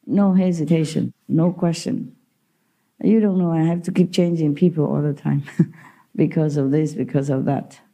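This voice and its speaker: A woman's voice: low voice, steady tone, normal speed, warm tone. A woman spiritual teacher giving an informal talk to disciples, telling stories in simple non-native English and laughing often.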